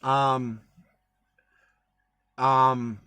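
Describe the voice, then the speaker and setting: A man's voice: mid-range voice, flat delivery, drawn-out words, sharp tone, smooth, no room sound. A young man chatting casually to camera, rambling with lots of ums and restarts, with a bit of a cough. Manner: rambling, many ums and self-corrections. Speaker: travel vlogger.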